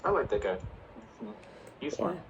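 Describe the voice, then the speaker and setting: A man's voice: fairly high pitch, big pitch swings, unhurried, dull audio. A man in a casual chat who gives blunt, short verdicts. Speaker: co-host giving verdicts. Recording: distant from mic, faint background noise.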